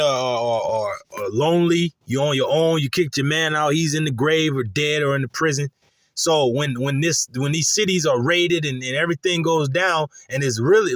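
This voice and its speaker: Man, fairly high voice, dry close sound; profane, rambling, excitable preacher. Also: no echo. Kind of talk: profane casual sermon.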